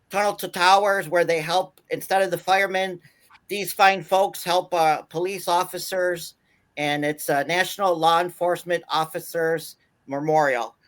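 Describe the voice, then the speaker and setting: A man's voice: high-pitched, a bit bright. A man from the Buffalo area hosting a wrestling talk show, reading out announcements in a rambling way with many fillers. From Buffalo area, New York. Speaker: host.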